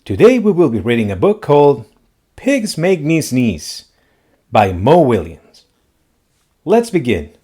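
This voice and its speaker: A man hosting a children's book read-aloud, with a gentle, upbeat manner. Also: medium pitch, huge pitch swings, a little slow, pauses often, husky. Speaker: storybook reader, host.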